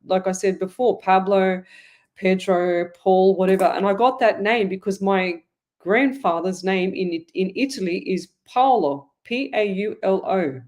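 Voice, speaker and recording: A woman's voice: medium pitch, measured pace, a little mellow. A middle-aged Australian woman hosting a live online psychic show, talking to viewers in a chatty, rambling way with many restarts. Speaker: psychic medium host. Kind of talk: live online reading, answering viewer comments.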